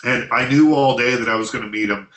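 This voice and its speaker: A man telling an animated anecdote in casual chat, laughing often as he goes. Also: mid-range voice, quick pace, reverberant, poor audio.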